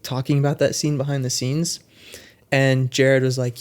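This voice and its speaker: A man's voice: medium pitch, little pitch movement, moderate pace, a little mellow, clean tone. Laughing young man, chatty film talk. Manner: rambling, laughs often, acts out quotes. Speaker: podcast co-host. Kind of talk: casual film discussion.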